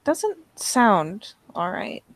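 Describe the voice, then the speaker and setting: A woman's voice: mid-range voice, huge pitch swings, drawn-out words, no echo. Woman player in a tabletop game. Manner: describes her character's actions in third person.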